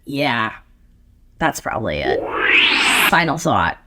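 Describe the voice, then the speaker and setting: Woman host just chatting on her podcast, animated, does little voices for people in her stories, laughs a lot. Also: very deep voice, takes it slowly, over loud music. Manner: animated storytelling, acts out people's lines; laughs often while talking. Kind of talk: casual chat.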